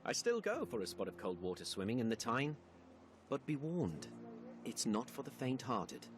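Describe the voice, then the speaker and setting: Give me a middle-aged man with a Northumbrian accent reading scripted voice-over narration. His delivery is wry, and his pitch moves around animatedly. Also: very animated, normal speed, background noise. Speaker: presenter.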